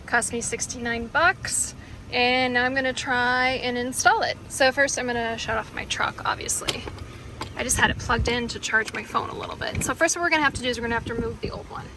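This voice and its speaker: High-pitched woman doing a diy vlog in her truck, chatty, talks right to you guys, bit of faint noise. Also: a little fast. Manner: chatty, emotional, talks straight to viewers. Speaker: DIY vlogger. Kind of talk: casual how-to vlog. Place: working in her pickup truck.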